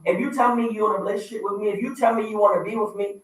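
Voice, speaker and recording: Speaking rapid-fire in a high voice with fairly even intonation, this thirty-something radio host hammers home his views on relationships, repeating himself and occasionally getting loud. The room is heavily reverberant and the microphone sits far away.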